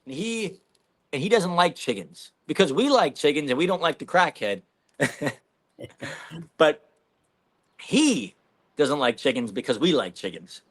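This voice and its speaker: Profane, animated guy telling a story. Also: fairly high pitch, measured pace, pauses often. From Canada. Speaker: podcast guest. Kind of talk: casual storytelling.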